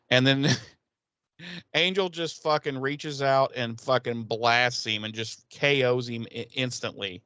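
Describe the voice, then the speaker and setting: A man's voice: medium pitch, fairly even intonation, measured pace, pushed and bright, clean tone, dry recording. A man co-hosting a podcast, recapping a TV episode in casual chat, rambling and swearing with laughs. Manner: rambling, profane, laughing storyteller. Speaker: podcast co-host.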